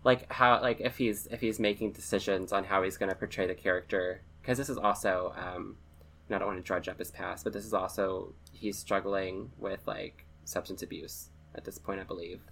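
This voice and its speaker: A man with a very low voice talks films on a podcast. He reasons things through carefully, hedging with ums and you-knows as he builds his point in a casual chat. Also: steady tone, gravelly, a bit bright, a little hiss or hum. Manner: analytical, measured, hedges with fillers. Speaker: podcast co-host. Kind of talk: casual film discussion.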